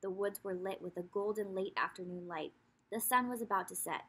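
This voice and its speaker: Teacher lady reading aloud to kids, lively and bright, slight rasp. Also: mid-range voice, fairly quick. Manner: expressive, lively storytelling with asides to young listeners. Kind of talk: children's book read-aloud.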